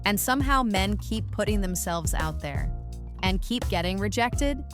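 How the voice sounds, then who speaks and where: A woman hosting a reaction video, giving mocking, deadpan commentary on clips. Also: medium pitch, normal speed, music in the background. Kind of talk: sarcastic commentary.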